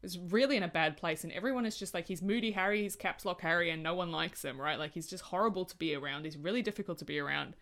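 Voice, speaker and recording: A woman with an Australian accent co-hosts a casual book podcast, speaking in a lowish, fairly bright voice. She talks fast with few pauses, sounding earnest and reflective, and she laughs easily.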